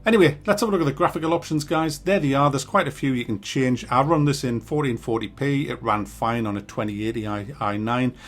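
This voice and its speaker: A man's voice: medium pitch, brisk, hardly any pauses. A man giving a casual video game review, blunt and sweary, ranting as he goes.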